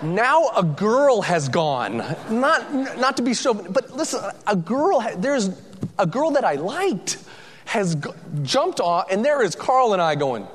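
A man telling a lively, self-mocking personal story to an audience, acting out the voices of the people in it. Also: high-pitched, measured pace, in a large hall, slight background noise.

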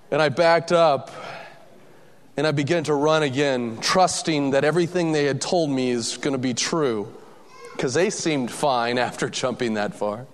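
A man telling a lively, self-mocking personal story to an audience, acting out the voices of the people in it. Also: mid-range voice, moderate pace, big-room sound, a little hiss or hum.

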